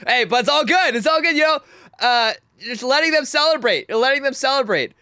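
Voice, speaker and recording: A young man hosts a livestream, reacting to clips and talking straight to his chat. His voice is high and bright and swings widely in pitch. The sound is dry and close to the mic. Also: a little fast, clean tone, no room sound. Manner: animated and mocking, talks to chat, laughs often. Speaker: livestream host.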